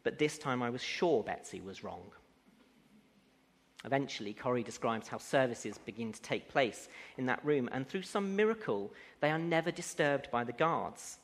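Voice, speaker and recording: A man's voice: medium pitch, lively intonation, normal speed. Preacher man in a reverberant hall. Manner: builds to emphatic, rising declarations. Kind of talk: sermon.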